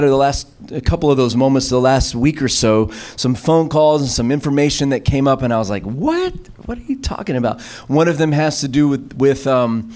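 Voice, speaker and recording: A middle-aged man preaching a sermon. He tells stories with lots of fillers and restarts. He slips into other voices for the people he quotes, his pitch jumping up for each one. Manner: animated, acts out quoted voices with sudden pitch jumps; storytelling with many fillers and restarts. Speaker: pastor.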